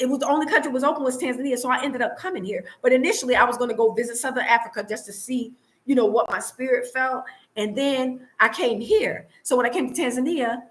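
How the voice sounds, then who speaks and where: A woman's voice: fairly high pitch, bright, forceful tone, rough recording. A woman from the United States, chatting earnestly on a live stream from her home and answering viewers, with many restarts and repeats. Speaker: vlogger answering live chat. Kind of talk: casual live-stream chat. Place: home in Tanzania.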